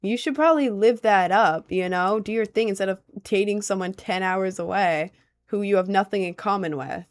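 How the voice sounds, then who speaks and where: A woman's voice: mid-range voice, normal speed. A young woman talks casually to her stream audience, answering their questions. She rambles and fills her sentences with "like" and "um". Her delivery is loose and conversational. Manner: rambling, heavy use of "like" and "um".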